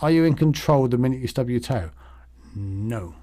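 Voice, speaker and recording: A man's voice: medium pitch, expressive, normal speed, warm tone. A man teaching meditation in a casual, rambling way, acting out the thoughts in his head. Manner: rambling and conversational, acts out inner thoughts.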